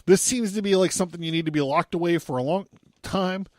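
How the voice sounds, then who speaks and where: A man's voice: high voice, fast, no echo. A young man hosting a casual history podcast, rambling loosely with lots of fillers and asides. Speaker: podcast host.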